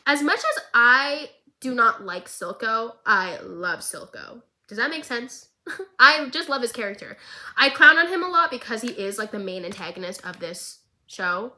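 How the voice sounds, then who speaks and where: Hyper fangirl lady recapping a show, super bright voice, kinda high, jokey. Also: normal speed. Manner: excitable, gushing and jokey, swinging loud. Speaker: vlogger.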